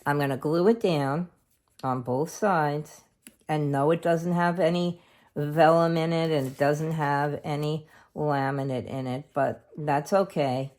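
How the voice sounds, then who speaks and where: A middle-aged woman hosting a casual craft tutorial at home, chatting homely and unhurried while she works with her hands. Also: deep voice, fairly even intonation, a little mellow. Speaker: craft video host.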